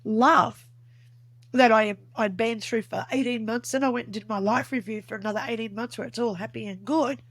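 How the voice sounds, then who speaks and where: Her voice sits on the high side and moves at a moderate pace. As a podcast interview guest, she recounts a personal experience in earnest, vivid detail, performing the remembered conversations.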